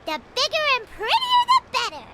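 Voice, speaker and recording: A woman voicing a tiny, eager and excitable fairy-like companion in a video game, talking of herself in the third person. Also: very high voice, moderate pace, heavy background noise, full character voice. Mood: cheerful. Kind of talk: game voice acting. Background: loud music.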